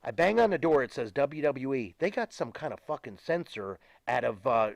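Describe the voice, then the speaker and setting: A man's voice: medium pitch, lively intonation, moderate pace, gravelly, dry recording. An older man, a retired pro wrestler, ranting emphatically and with profanity as a guest in a studio interview.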